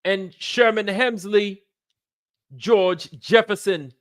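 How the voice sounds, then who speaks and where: A man impersonating a gushing older male celebrity TV host, announcing in a grand, drawn-out showman style. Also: sits high, voice pushed up. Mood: grandiose.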